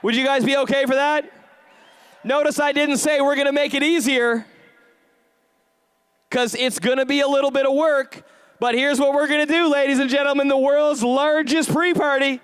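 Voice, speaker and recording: A man giving a high-energy stage pep talk, rallying the crowd with call-and-response questions and shouted bursts of hype. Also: steady tone, moderate pace, no echo. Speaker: motivational event speaker.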